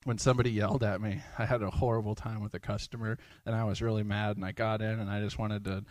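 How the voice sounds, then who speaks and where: A man's voice: fairly low pitch, little pitch movement, fast talker, no room sound. A man preaching a sermon in church, speaking earnestly in a conversational way and often quoting prayers aloud.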